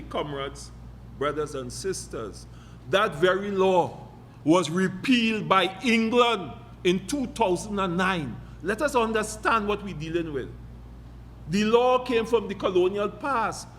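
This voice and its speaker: A trade union leader from Trinidad and Tobago giving a press conference speech, firing off rhetorical questions and repeating them for emphasis. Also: male voice, high-pitched, fairly bright tone, a little hiss or hum. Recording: long hall reverb, faint ambience.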